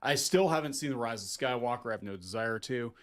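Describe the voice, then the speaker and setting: Jaded man co-hosting, mid-pitched and dry. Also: animated, fast talker. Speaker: co-host. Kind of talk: casual podcast chat.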